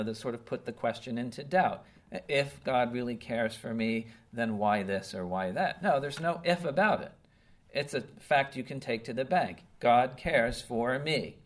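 Male pastor, middle-pitched, earnest and emphatic in a relaxed teaching sermon that checks in often with the congregation. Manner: checks in often with "okay?" and "right?"; earnest, emphatic, with some restarts. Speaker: preacher. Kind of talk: conversational sermon.

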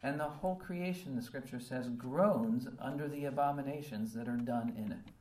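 A woman's voice: very deep voice, moderate pace, a little mellow. A woman preaching a sermon, earnest and full of rhetorical questions, with frequent um fillers. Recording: roomy echo from a distant mic, faint ambience.

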